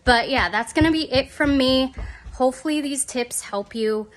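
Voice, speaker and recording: A woman's voice: high-pitched, moderate pace. A woman talking casually to her phone camera at home in a chatty, giggly, self-mocking way. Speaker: vlogger.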